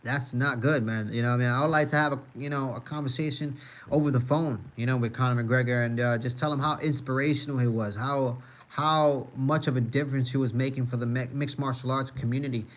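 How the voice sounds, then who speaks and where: A man at an ordinary middle pitch chats on a live stream, reading messages aloud. He rambles, repeats himself, leans on filler words and swears freely in a relaxed, joking tone. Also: brisk. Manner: rambling, heavy on "uh" and "you know what I mean"; laid-back, profane, joking. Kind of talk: casual live-stream chat.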